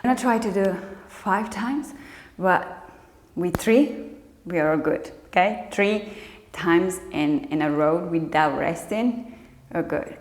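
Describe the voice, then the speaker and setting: A woman's voice: lowish voice, a little slow, darkish tone. A woman instructor guiding a yoga class, counting breaths and calling out poses, with slightly non-native phrasing. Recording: echoey room with long reverb.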